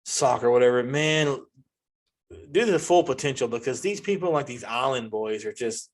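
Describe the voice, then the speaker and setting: Ranting forty-something comic. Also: male voice, normal speed. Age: 40s. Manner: ranting, animated, jumps to high-pitched outbursts. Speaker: comedy podcast host. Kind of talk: casual comedic monologue.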